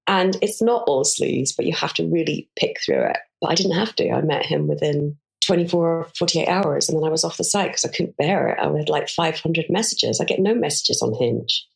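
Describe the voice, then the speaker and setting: A woman's voice: deep voice, moderate pace, creaky, few pauses. A woman in her forties, a podcast guest telling frank, self-mocking stories in a candid interview. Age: 40s.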